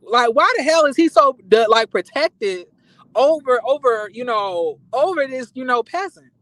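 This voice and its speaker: A man vlogging reality TV commentary in an animated, emphatic, profane rant with quick apologetic asides. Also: very high voice, no room sound.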